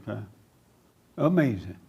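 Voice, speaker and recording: A man leading a church question-and-answer session, brisk and teasing as he calls on people. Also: fairly low pitch, very animated, vocal fry, darkish tone, husky. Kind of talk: casual church discussion.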